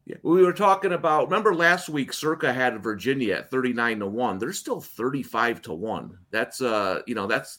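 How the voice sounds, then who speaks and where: A man with a fairly low voice hosts a betting show over a video call. He talks in a loose, rambling way, often restarting his sentences as he goes over the games. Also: fairly bright tone. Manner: chatty, rambling, frequent restarts. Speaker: sports betting show host. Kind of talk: casual betting talk on a livestream.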